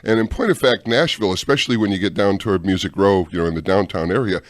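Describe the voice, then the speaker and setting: Low-voiced morning radio co-host, chatty and joking, dry studio mic. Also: male voice, fast, dry recording. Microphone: studio microphone.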